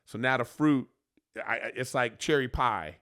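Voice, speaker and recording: A man co-hosting a casual podcast, telling rambling, amused stories about his home life. He restarts his sentences often, and his voice sits at a middle pitch. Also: normal speed, fairly bright tone, smooth. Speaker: podcast co-host. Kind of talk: casual chat.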